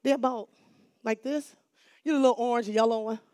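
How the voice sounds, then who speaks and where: A middle-aged woman telling a lively, dramatic testimony to a church audience. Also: fairly high pitch, a little fast, no echo, clean studio sound. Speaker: church speaker giving a testimony. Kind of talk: animated testimony storytelling.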